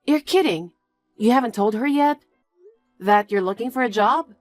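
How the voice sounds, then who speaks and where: A woman's voice: a little high, lively intonation, moderate pace, faint music behind, close to an everyday voice. A woman voicing an earnest young engaged woman who pleads and questions in scripted story dialogue. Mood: pleading. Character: young woman engaged, hurt but firm.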